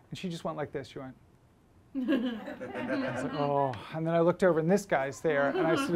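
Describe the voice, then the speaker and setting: A man's voice: high-pitched, lively intonation, moderate pace, darkish tone. A man, a photographer and book publisher, giving an anecdotal lecture to students at a school, telling stories in a conversational way with many fillers and restarts.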